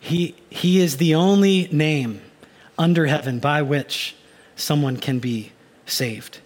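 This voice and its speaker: A male pastor delivering a sermon in a somewhat high voice. He preaches with animation and now and then slips into mock inner voices to make his point. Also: takes it slowly.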